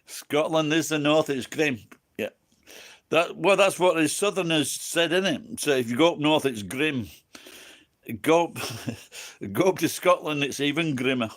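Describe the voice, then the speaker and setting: An Englishman with an English accent chats with livestream viewers, tipsy from drinking, rambling casually and swearing constantly. His voice is on the high side and a bit bright, at a normal speed.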